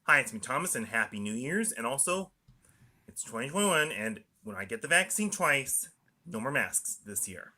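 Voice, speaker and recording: A young man rambling through a monologue, filling the pauses with "mm-hmm" and "and also". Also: mid-range voice, big pitch swings, sharp tone. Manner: repetitive, punctuated by "mm-hmm" and "and also". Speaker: video diarist.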